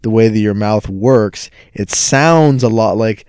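A man's voice: fairly low pitch, measured pace, a little mellow, clean tone, no echo. A man co-hosting a casual podcast, teasing his co-host bluntly and swearing freely.

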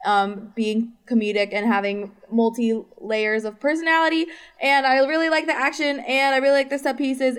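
A woman's voice: fairly high pitch, smooth. A young woman on a casual film podcast, upbeat and giggly, sharing earnest praise. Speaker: podcast guest. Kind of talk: casual film review chat.

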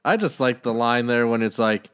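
A man co-hosting a casual Bible study chat, a lively storyteller who laughs easily. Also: medium pitch, normal speed, clear, resonant tone, no room sound, studio quality. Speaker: co-host discussing scripture.

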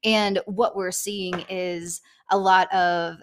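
A middle-aged woman co-hosting a podcast, telling a story in a casual chat and acting out the quotes with big jumps in pitch. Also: steady tone, moderate pace, hardly any pauses, fairly bright tone. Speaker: podcast co-host.

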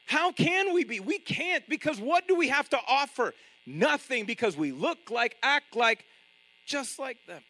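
A man preaching a sermon in an animated way, often acting out the voices of other people. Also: very high-pitched, low-quality recording. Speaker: pastor.

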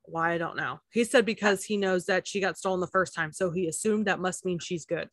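A woman's voice: lowish voice, fairly quick, dry recording. A woman co-hosting a podcast, chatting casually about a reality show, laughing often and using lots of fillers. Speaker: podcast co-host.

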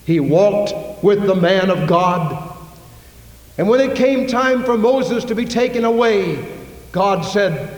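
A man's voice: sits high, a little slow. A man preaching a sermon to his congregation, emphatic and full of rhetorical questions, recorded in a church. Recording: echoey hall reverb.

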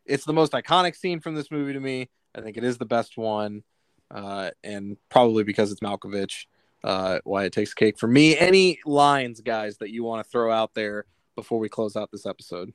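A man's voice: lowish voice, moderate pace, clean tone, no echo. A man hosting a podcast in casual chat, steering the talk from topic to topic. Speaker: podcast host.

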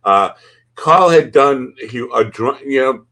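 A man's voice: mid-range voice, expressive, slow pace, fairly bright tone. A man hosting a podcast, chatting casually in a rambling, crude, joking way. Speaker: podcast host. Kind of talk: casual chat.

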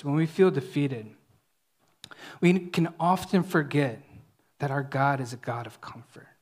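A preacher delivers a conversational sermon in a mid-range voice, frequently asking "right?" and checking in with listeners. When reading scripture, he drops to a soft, hushed tone.

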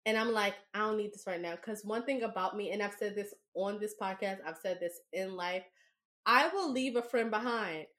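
A young woman co-hosting a podcast, telling a story in a blunt, profane, animated way. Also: mid-range voice, moderate pace. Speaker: podcast co-host. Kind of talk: casual podcast chat.

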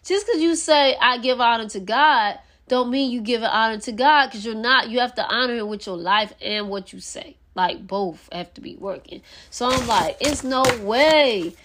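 A woman's voice: a little high, moderate pace, hardly any pauses, a bit bright. Earnest woman teaching scripture. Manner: earnest, preachy, repeats phrases for emphasis. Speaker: podcast host. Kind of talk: casual Bible teaching.

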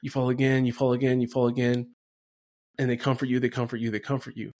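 A man hosting a spiritual podcast in a relaxed, conversational way. His voice sits at a middle pitch, and he keeps checking in with his listeners by asking "right?". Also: fast. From Denver area, USA. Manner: casual, conversational, many "right?" tags. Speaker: podcast host. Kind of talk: Catholic reflection podcast.

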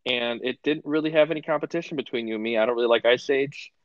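A man's voice: mid-range voice, fast talker, dry recording. A young man co-hosting a podcast, chatting casually with dry, offhand remarks. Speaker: podcast co-host. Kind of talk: casual chat. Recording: dry, dull lo-fi audio.

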